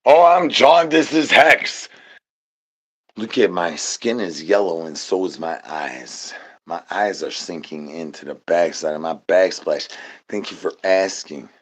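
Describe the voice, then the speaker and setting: A man riffs to his stream chat in a goofy, rambling voice full of rhyming nonsense and singsong repeats. He lurches from low, murmured asides to sudden loud shouts, never settling into one pitch. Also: unhurried. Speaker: livestream host. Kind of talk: rambling comedic stream chatter.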